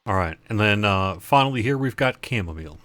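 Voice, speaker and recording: A man's voice: lowish voice, animated, a little fast, fairly bright tone, dry recording. A man acting as game master, narrating a tabletop game over voice chat in a hesitant way with many fillers.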